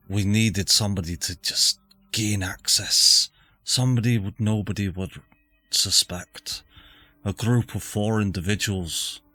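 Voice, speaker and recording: Low-voiced game master. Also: male voice, bright, forceful tone, no room sound. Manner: casual, chatty, self-correcting. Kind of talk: narrating a tabletop game.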